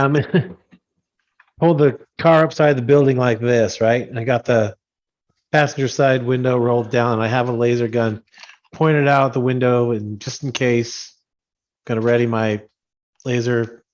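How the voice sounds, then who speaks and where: A man playing a tabletop game, describing his actions slowly and hesitantly, laughing between phrases. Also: medium pitch, fairly even intonation, darkish tone, highs cut off. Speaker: player. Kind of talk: casual chat during a tabletop game.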